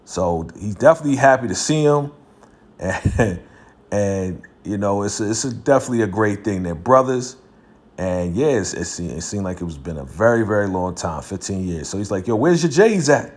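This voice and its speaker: A man's voice: fairly low pitch, moderate pace. A man hosting his own video, recapping a TV episode in a slangy, casual way and laughing between lines. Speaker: video host reviewing a TV episode.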